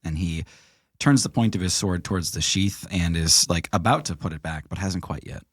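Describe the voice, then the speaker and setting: A man narrating a tabletop game as game master, in a relaxed, halting way with fillers. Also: deep voice, husky, no room sound, studio quality.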